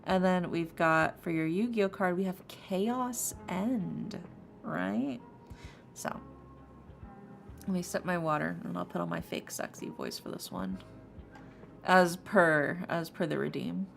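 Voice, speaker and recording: A woman's voice: on the low side, takes it slowly, gravelly. A woman streamer chatting casually and joking with her viewers before a tarot reading. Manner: joking, self-mocking, laughs often. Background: soft lo-fi music.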